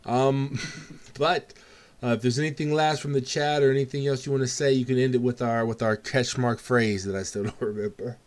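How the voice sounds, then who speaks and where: A man hosting a casual live game show, calling results in an excited, jokey way and laughing often. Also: mid-range voice, normal speed. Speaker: host.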